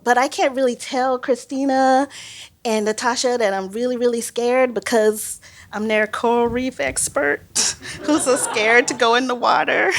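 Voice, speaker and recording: A woman biologist telling a personal story on stage, animated and self-mocking, laughing often. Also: a little high.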